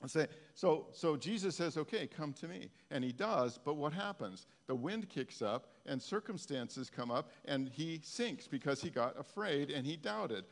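A male pastor giving a conversational sermon, his intensity swinging from soft to loud. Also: on the high side, expressive, unhurried, few pauses, long reverb tail. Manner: conversational preaching, rising and falling in intensity.

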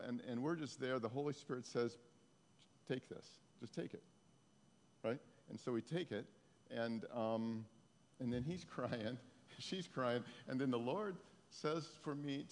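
A man telling a lively testimony story to a congregation, laughing often. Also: mid-range voice, big-room sound.

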